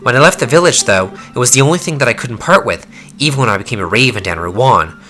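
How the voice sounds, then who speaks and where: A man voicing a rough-spoken young fighter, reading game dialogue aloud with blunt, slangy talk. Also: mid-range voice, animated, quick pace, sharp tone.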